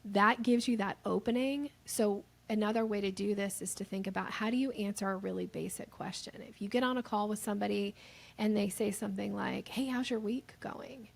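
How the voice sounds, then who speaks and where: A woman sales trainer talking as a podcast guest, explaining her ideas in a conversational, animated way and acting out little examples. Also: mid-range voice, brisk, creaky. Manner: animated, acts out examples in lively voices.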